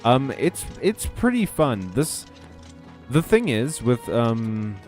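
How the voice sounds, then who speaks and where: A man's voice: medium pitch, big pitch swings, slow pace, a little mellow. A man casually commenting on his gameplay, chatty and jokey, laughing often and swearing now and then. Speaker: game streamer. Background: faint game music.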